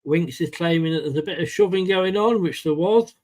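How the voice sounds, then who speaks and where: A fairly high-voiced English man hosts a live football watchalong for fans. He calls the play-by-play in a casual, chatty way and breaks off to greet viewers by name. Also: brisk, darkish tone. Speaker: fan channel host.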